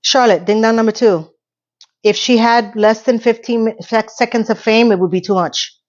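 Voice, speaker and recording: A woman's voice: a little high, moderate pace. A woman in a casual TV recap vlog, rambling in a sarcastic, playfully exasperated way. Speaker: TV recap YouTuber. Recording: slightly dull lo-fi audio.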